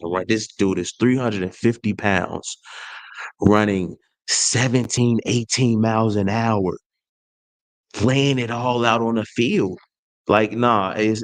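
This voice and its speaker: A man hosting his own sports channel, trash-talking a rival team in an animated rant full of slang and restarts. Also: fairly low pitch. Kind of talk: fan rant to camera.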